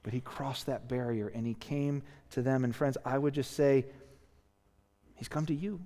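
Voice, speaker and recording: Tired pastor preaching in a reverberant hall. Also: male voice, mid-range voice, steady tone, normal speed, dark tone. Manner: earnest, rising to emphatic, frequent "right?". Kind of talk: sermon. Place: church sanctuary. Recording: long reverb of a church hall.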